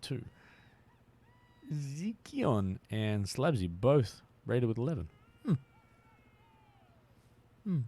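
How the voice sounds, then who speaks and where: A man's voice: mid-range voice, darkish tone. Chatty male game streamer. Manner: chatty, laughs often, repeats words. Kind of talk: casual live-stream chat while gaming.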